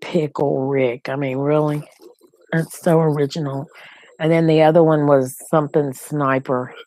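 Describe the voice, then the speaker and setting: A woman's voice: deep voice, fairly even intonation, normal speed, dark tone. A woman co-hosting a livestream, talking straight to her viewers in casual chat and laughing often. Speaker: livestream co-host. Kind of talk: casual live-chat talk.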